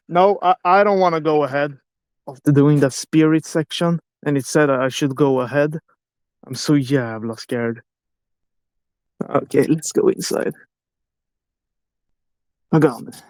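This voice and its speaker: A nervous man streams live while ghost hunting in an old abandoned house, pressing the spirit box with jumpy questions and frequent curses. His voice sits a little high for a man, and the sound is close and dry with almost no room echo. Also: a little mellow. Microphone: handheld phone on a live stream.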